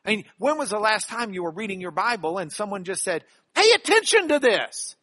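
A middle-aged man teaching a Bible class in a lively lecture style, animated and jokey, with playful asides. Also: high voice, fast talker.

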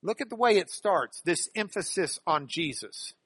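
A male pastor preaching with a high, very lively voice that leaps around as he drives home each point. His tone is bright and forceful, and the sound is close and dry. He leans hard on key words, then drops low and soft. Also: normal speed, husky, no echo. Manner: emphatic, stressing single words with swings in loudness; leads the congregation in call-and-response. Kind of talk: sermon.

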